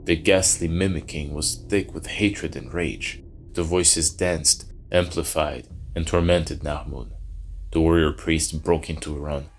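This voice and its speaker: A man narrating a dark fantasy story in a slow, somber, measured way. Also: rumbling low, fairly even intonation, slight background noise.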